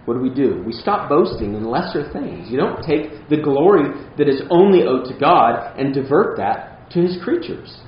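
A man's voice: mid-range voice, very animated, normal speed, few pauses, reverberant, highs cut off, slight background noise. A man preaching a sermon as pastor, earnest and emphatic, with casual asides to the congregation.

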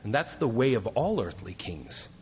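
A man's voice: big pitch swings, normal speed, muffled recording, faint music behind. Preaching man in a reverberant hall. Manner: rises to emphatic, higher-pitched preaching on key points. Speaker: pastor. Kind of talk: sermon.

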